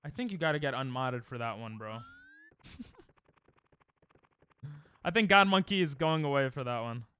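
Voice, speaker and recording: A man's voice: mid-range voice, lively intonation, normal speed, sharp tone, clean tone. A young man streaming a game live at home into a desk mic, joking crudely and sarcastically with chat and snapping at the game in frustrated outbursts.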